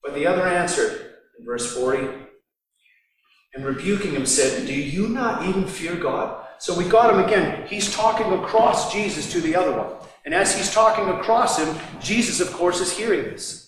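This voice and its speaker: A man's voice: high voice, lively intonation, moderate pace, a little hiss or hum. A man preaching a sermon, acting out the mockers' lines with sarcasm. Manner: acts out the mockers' voices with sarcasm. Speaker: pastor. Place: large echoing hall. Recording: distant mic in a reverberant hall.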